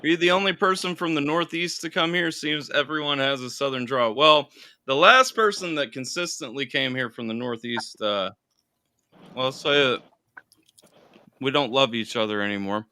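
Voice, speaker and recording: A man's voice: medium pitch, moderate pace, clean tone. A man hosting a casual livestream chat, rambling easily and swearing now and then. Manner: relaxed, swears freely, trails off. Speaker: stream host.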